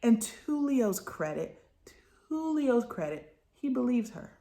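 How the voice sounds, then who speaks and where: A woman vlogger recapping book chapters in a casual chat, excitable and gushing as she tells the story. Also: on the high side, takes it slowly.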